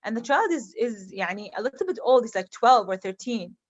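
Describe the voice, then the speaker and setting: A woman who is an eye doctor, lecturing in English with an Arabic accent, halting and earnest with many ums. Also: fairly high pitch, lively intonation, lo-fi sound.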